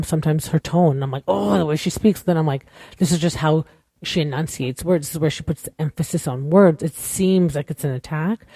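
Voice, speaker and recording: A woman's voice: sits low, dark tone, no echo, clean studio sound. A woman hosting a podcast, talking through a show recap in a candid, rambling way with lots of "like" and "you know.". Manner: opinionated, candid. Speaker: podcast host. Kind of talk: casual recap chat.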